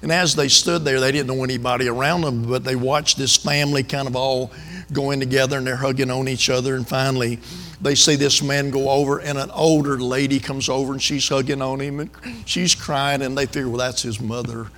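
A man's voice: medium pitch, little pitch movement, fairly quick, fairly bright tone, big-room sound. A man, preaching a sermon in a folksy, storytelling way with asides to the congregation.

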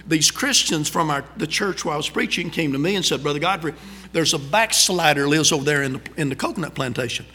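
A man's voice: a little high, a little fast. A middle-aged man, preaching a folksy storytelling sermon in a church sanctuary. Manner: folksy, conversational, animated storytelling. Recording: long hall reverb.

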